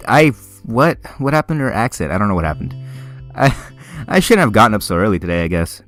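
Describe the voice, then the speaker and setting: A man's voice: fairly low pitch, very animated, a little fast, soft background music. A man reading a visual novel aloud in a casual manner, laughing at himself when he slips. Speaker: game player.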